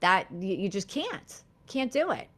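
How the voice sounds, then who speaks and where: A middle-aged woman therapist hosting a live-streamed talk, speaking gently and reflectively, with many fillers and restarts. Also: mid-range voice, sing-song, unhurried. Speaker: therapist and live show host.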